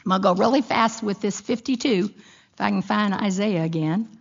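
Expressive woman preaching to a women's group. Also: medium pitch, brisk, creaky. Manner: expressive storytelling, acts out voices in quotes. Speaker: women's Bible teacher. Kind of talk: sermon with personal story. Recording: dull lo-fi recording.

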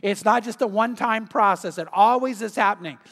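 Pastor, earnest conversational sermon, mid-pitched voice with a long hall echo. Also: brisk, a bit bright. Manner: earnest, conversational preaching with rhetorical questions.

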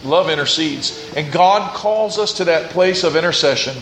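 A man's voice: sits high, normal speed, fairly bright tone, a little hiss or hum. A man preaching a sermon as pastor, earnest, with rising and falling intensity. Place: church sanctuary. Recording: echoey church room.

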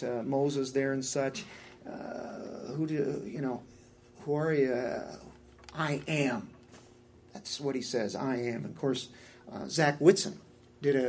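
A man's voice: mid-range voice, a little mellow, slight background noise. A man preaching a verse-by-verse sermon in a conversational way, with many fillers and repeated words.

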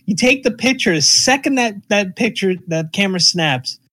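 Male podcast co-host, somewhat high voice, rambling chat with restarts. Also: expressive, normal speed, bright, forceful tone. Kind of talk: casual chat.

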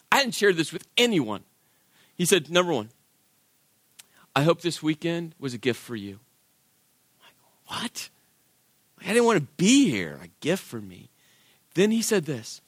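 In a dry, studio-quality recording, a worship leader whose voice is slightly high delivers a sermon built on a personal story. He's animated, performing the quoted voices of the people involved.

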